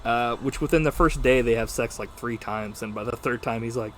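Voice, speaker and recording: A young man co-hosting a casual podcast about movies, retelling scenes in a lively, profane way and acting out the lines. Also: mid-range voice, a little fast, slight background noise. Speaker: podcast co-host.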